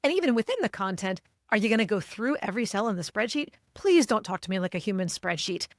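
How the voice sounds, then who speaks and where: A woman's voice: mid-range voice, animated, quick pace, dry recording, studio quality. Emphatic, articulate woman coach. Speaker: guest, cognitive linguist and executive coach. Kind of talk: podcast interview.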